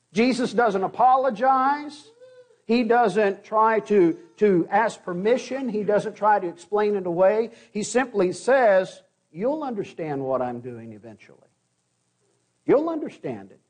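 A man, a pastor, preaching a sermon in an earnest way, often restarting words and pausing for emphasis. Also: high-pitched.

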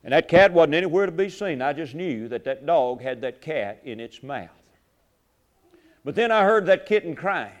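Guy preaching, kinda high voice, goes loud then quiet, repeats himself a lot. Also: animated, moderate pace. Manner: impassioned preaching, swings from loud to hushed, repeats phrases. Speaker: pastor. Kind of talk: sermon.

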